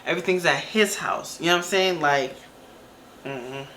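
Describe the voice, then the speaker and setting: Reaction host: woman with a sharp, bright voice, blunt and opinionated, talks to camera. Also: low voice, normal speed, slight background noise. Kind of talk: casual reaction commentary.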